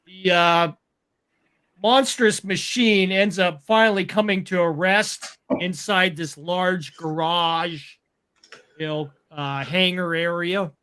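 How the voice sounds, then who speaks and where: Bright, slow-talking male game master. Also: sits high, clear, resonant tone. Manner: halting, many fillers and restarts. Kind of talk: narrating a tabletop sci-fi game.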